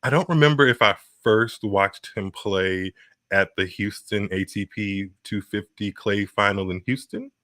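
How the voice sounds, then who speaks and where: A man with a very low voice and a bright, forceful edge, co-hosting a casual tennis chat. He rambles and restarts his sentences. The sound is dry and close. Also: a little slow, dry recording. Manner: rambling, restarts, laughs often. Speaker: podcast co-host.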